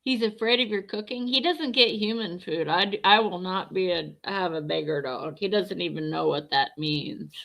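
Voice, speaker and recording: A woman's voice: fairly low pitch, normal speed, vocal fry, few pauses, fairly bright tone. A middle-aged woman livestreaming, chatting bluntly and answering her viewers' comments as she goes. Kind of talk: casual livestream chat.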